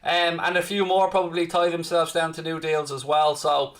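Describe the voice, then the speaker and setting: A man with a fairly high voice hosts a live fan stream. He chats in a loose, upbeat way and picks up viewer comments as he goes. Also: little pitch movement, moderate pace, a bit bright. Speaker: fan channel host.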